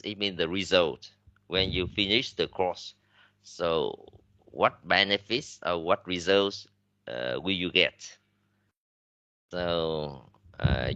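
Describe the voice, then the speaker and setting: A man's voice: low voice, pushed and bright, dry recording, lo-fi sound. A man with a Vietnamese accent giving a classroom lecture as an English teacher, switching between English and Vietnamese with many fillers and restarts.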